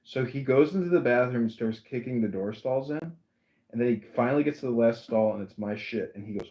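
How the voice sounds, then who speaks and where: A man's voice: medium pitch, a little fast. Man telling a story in an echoey room. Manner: animated storytelling, acting out voices. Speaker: podcast host. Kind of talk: casual storytelling chat. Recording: roomy echo.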